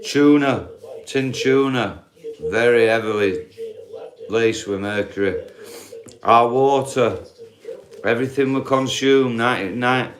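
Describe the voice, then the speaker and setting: Slow-talking profane man. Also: mid-range voice. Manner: profane, laughs at own points, addresses viewers as guys. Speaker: live streamer. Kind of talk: ranting live-stream monologue.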